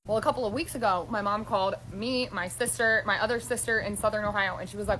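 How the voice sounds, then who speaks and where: A woman's voice: mid-range voice, steady tone, quick pace, few pauses, a bit bright, a little hiss or hum, poor audio. A woman telling a story casually to camera, blunt and emphatic, swearing freely.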